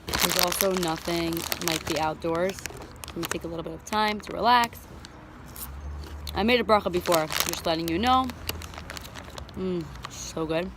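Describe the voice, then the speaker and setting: Her voice lowish and her pace moderate, a woman pauses often as she talks brightly to the camera while refurbishing and painting a front door. It's a casual DIY vlog from a home renovation creator, and the recording is very noisy.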